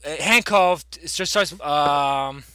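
A man co-hosting a casual podcast, recapping a comic book with animated, stumbling restarts. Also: a little high, slow pace, clean tone. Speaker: podcast co-host.

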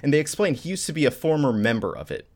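A man's voice: on the high side, very animated, fast talker, darkish tone. A man co-hosting a casual podcast, enthusiastically recapping a manga with many fillers and acted-out lines. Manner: enthusiastic, lots of "like" fillers, acts out characters' lines. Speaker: podcast co-host.

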